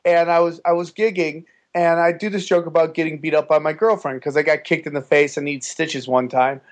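A comedian telling a story in casual chat, animated and profane, acting out the people in it. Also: male voice, fairly high pitch, a little fast. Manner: animated, profane, acts out the voices in his stories. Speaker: stand-up comedian, guest.

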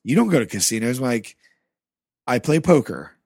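Slightly rough and mid-range, this Rust Belt man's voice moves at a normal speed as he tells an animated, casual podcast story from his life, full of swearing and acted-out conversation. It's clean studio sound without any room sound.

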